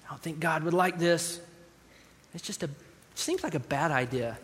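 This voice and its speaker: A man's voice: a little high, normal speed, fairly bright tone, long reverb tail, lightly acted. A man playing a wary male disciple who grumbles, in a sermon retelling. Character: doubting male disciple muttering warnings.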